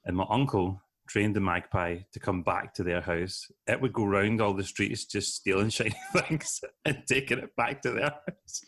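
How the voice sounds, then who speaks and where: A man's voice: lowish voice, normal speed, hardly any pauses, a bit bright. A young man hosting a comedy podcast, telling stories in a chatty, self-deprecating way. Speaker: podcast host. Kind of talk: casual comedy podcast chat.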